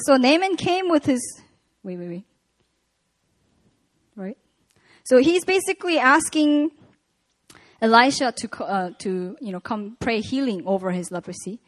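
A woman preaching at a prayer meeting, reading scripture and retelling it in a casual, animated way. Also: on the high side.

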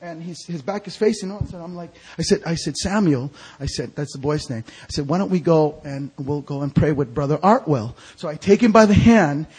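Husky animated man preaching a story. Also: on the high side, a little fast, few pauses. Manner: animated storytelling, acts out voices and laughs. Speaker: evangelist preacher. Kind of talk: storytelling sermon. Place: church sanctuary.

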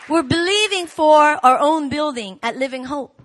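A woman pastor preaching a sermon, animated and rising to shouts in the swells of her message. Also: sits high, moderate pace, a faint crowd. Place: church hall.

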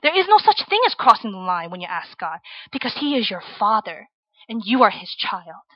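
A woman's voice: mid-range voice, sing-song, a little fast, no room sound. Young woman preacher, conversational, keeps checking in with the room; muffled, close-miked sound. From Virginia, USA. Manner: chatty, tags lines with "right?" and "like". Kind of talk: casual sermon to students.

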